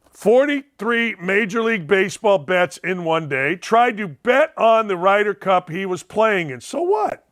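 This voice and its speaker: A middle-aged man hosting a sports talk show, loud and fired up, ranting with bursts of shouting. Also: high-pitched, creaky.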